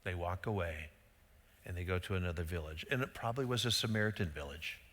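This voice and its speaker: A man's voice: low-pitched, fast talker, a bit bright. A middle-aged man, a pastor, preaching a casual, conversational sermon with rhetorical questions and little acted-out quotes. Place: church sanctuary. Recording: long hall reverb.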